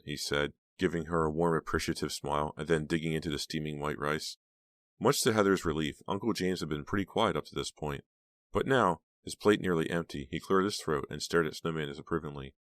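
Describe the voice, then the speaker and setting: A man narrating a storybook in an even, measured reading. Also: very deep voice, no echo. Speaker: audiobook narrator.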